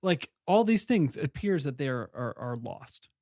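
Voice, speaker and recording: A man's voice: medium pitch, big pitch swings, moderate pace, warm tone, no echo, clean studio sound. A man co-hosting a comedy podcast, chatting casually, rambling through stories and giggling often. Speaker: podcast co-host.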